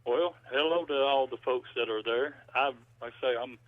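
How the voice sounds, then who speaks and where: A man's voice: medium pitch, moderate pace. Man, middle-aged, folksy rambling storyteller, thin telephone sound. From Georgia, US. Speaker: musician guest. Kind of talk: casual phone interview. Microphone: landline telephone. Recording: dry, tinny phone line.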